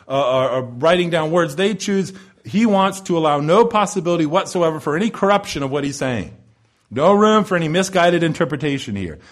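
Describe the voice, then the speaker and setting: A man preaching an expository sermon in a church, emphatic, with wide swings in pitch and loudness and slowing down on key phrases. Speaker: pastor.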